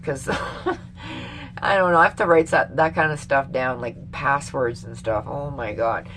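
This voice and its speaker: A woman with a low voice rambles through a casual rant for her vlog, swearing freely and breaking into laughter. There is a faint hiss of noise behind her. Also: unhurried, fairly bright tone. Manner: rambling, profane, laughs often. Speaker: vlogger. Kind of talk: casual opinion rant to camera.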